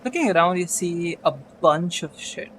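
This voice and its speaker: A man's voice: on the high side, animated, a little slow, a bit bright, a little hiss or hum, rough recording. A man narrating a tabletop game as game master, casual and rambling with fillers.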